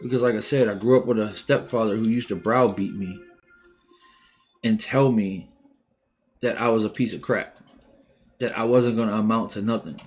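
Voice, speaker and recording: A man in his forties from the United States, hosting a live stream and speaking openly and emotionally about his own life, with many pauses and restarts. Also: fairly low pitch, fairly even intonation, a little mellow, soft background music. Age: 40s. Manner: halting and heartfelt, many restarts. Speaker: livestream host. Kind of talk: emotional personal talk.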